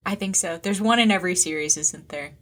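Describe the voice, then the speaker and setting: A woman's voice: lowish voice, a little fast, a bit bright. A woman co-hosting a racing podcast in casual chat, with dry, wry quips. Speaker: podcast co-host.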